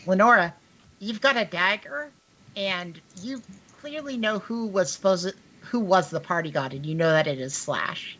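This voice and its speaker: A woman's voice: medium pitch, lively intonation, moderate pace, a bit bright. A woman narrating a tabletop role-playing game as game master, in an easygoing, casual way.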